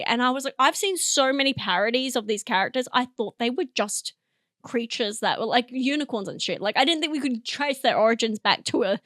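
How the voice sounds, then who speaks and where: A woman's voice: high voice, brisk, a bit bright, no room sound, studio quality. A young woman hosting a comedy podcast, rambling and giggling through a monologue, teary from laughing. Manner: giggly, rambling, self-interrupting.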